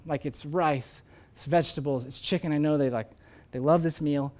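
A young pastor with a slightly high, darkish voice delivers a sermon at a moderate pace and in a steady tone. He preaches like he's telling a story, full of casual asides and frequent uses of "like."

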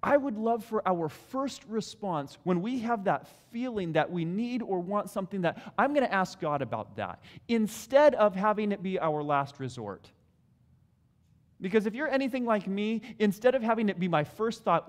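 A man preaching a sermon in a hall, animated, acting out prayers in different voices. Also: sits high, moderate pace. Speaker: pastor. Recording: long hall reverb.

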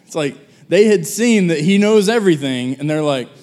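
Folksy pastor preaching conversationally. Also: male voice, fairly high pitch, lively intonation, moderate pace, darkish tone. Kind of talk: sermon.

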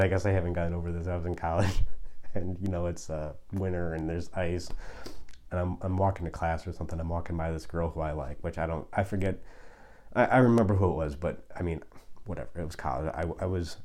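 Man, 30s, deep mellow voice, casual rambling advice host with a self-deprecating streak. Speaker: video host giving life advice. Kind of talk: casual monologue.

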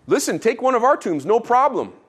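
A pastor putting on a gushing high Hittite landowner. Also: male voice, very animated, brisk, fairly bright tone, slightly rough, heavily acted. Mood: eager. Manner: insistent, gushing, casual modern phrasing. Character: eager generous male Hittite landowner, ancient. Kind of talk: comic retelling in a sermon.

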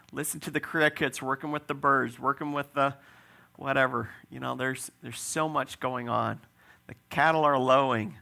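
Pastor, male, gravelly bright voice, casual conversational sermon delivery. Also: mid-range voice. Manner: conversational preaching with frequent "right?" asides.

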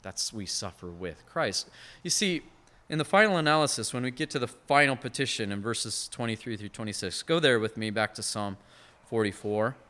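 A man preaching a sermon as pastor, earnest and conversational, swinging from hushed to emphatic. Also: mid-range voice, animated, normal speed. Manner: conversational asides with short laughs.

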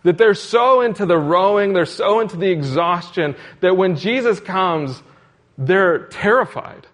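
A man's voice: fairly high pitch, normal speed. A man preaching a sermon in an earnest, repetitive cadence, asking questions as he goes. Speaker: pastor.

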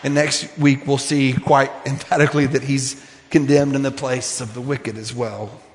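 A man's voice: medium pitch, level tone, normal speed, in a large hall, a little hiss or hum. A man preaching a sermon as pastor, earnest and pleading, asking his listeners question after question.

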